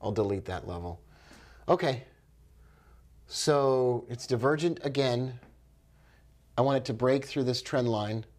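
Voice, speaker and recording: A man's voice: mid-range voice, a little slow, pauses often, a little mellow. A man giving live trading commentary, thinking aloud with upbeat exclamations and talking to viewers by name. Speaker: forex trader.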